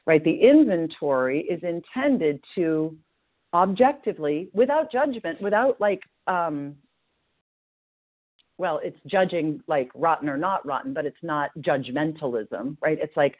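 A middle-aged voice, earnest, measured and also animated, speaks at a recovery meeting over a narrow, tinny phone connection. Its pitch sits in the middle, and it reads book passages aloud between reflective personal thoughts.

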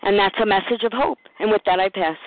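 A woman sharing at a recovery meeting with a steady, earnest delivery. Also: medium pitch, quick pace, no room sound. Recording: dry phone-line call audio.

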